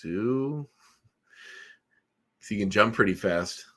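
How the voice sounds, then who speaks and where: A man's voice: lowish voice, expressive, takes it slowly. A married man co-hosting a casual podcast, bantering, guessing numbers and swearing now and then. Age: adult, married. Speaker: podcast co-host. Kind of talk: casual chat.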